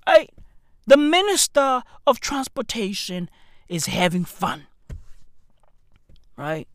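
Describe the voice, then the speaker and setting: A woman vents in a comedic rant, full of slang and sudden shouting. Her voice sits fairly high and swings through a very wide range. She talks slowly, and the sound is close and dry. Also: no echo. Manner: animated, slangy, bursts into shouting. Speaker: vlogger.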